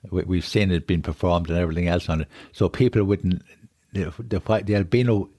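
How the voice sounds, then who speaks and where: A man's voice: low-pitched, steady tone, brisk, mellow, dry recording, clean studio sound. An older Irish man, a podcast guest, telling rambling travel stories in a conversational way and often repeating himself. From Ireland. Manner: rambling, repeats "on it", emotional when moved. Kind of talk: conversational storytelling.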